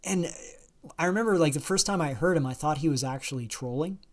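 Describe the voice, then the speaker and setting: A man's voice: a little high, a little fast. A man hosting a livestream, talking casually at length and answering viewer questions, with lots of fillers and restarts. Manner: rambling, many fillers and restarts. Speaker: livestream host.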